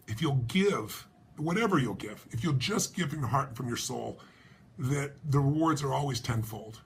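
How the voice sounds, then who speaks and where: A man's voice: mid-range voice, slightly rough. A man telling a personal story and appealing for donations, acting out the dialogue as he goes. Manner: animated storytelling, acts out dialogue.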